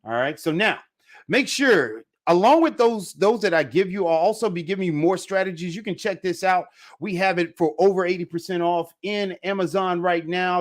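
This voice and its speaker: An upbeat man runs a live online language lesson and speaks straight to viewers in the chat. His voice sits a little high and swings widely in pitch. He keeps stopping to repeat himself and check that the viewers are following. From Jamaica. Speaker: Spanish teacher.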